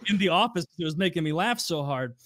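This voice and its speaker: A young man tells raunchy work stories on a podcast, loose and profane. He slips into other people's voices to act out scenes. His slightly high voice sits close and dry on the mic. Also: fast talker, no room sound. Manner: animated, profane, acts out customers in raised voices. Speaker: podcast co-host telling stories. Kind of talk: casual storytelling.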